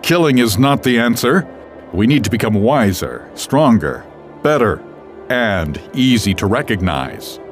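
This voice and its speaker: A man voicing a calm, wise male wolf who leads the pack, speaking quietly and firmly. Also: mid-range voice, measured pace, soft background music, pitched above the performer's own voice. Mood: solemn. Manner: quiet, firm, solemn.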